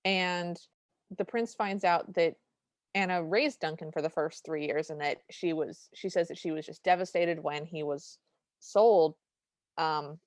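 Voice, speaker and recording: Low-voiced woman co-hosting a podcast. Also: no echo, studio quality. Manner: animated retelling with quoted lines. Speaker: podcast co-host. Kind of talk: casual chat recapping a film.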